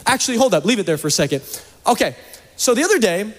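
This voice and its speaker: Guy pastor preaching, kinda high voice, jokes around then gets fired up, big echoey church. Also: big pitch swings, quick pace. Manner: joking, conversational preaching that rises to fervent urging. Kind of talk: sermon. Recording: long reverb from a church hall.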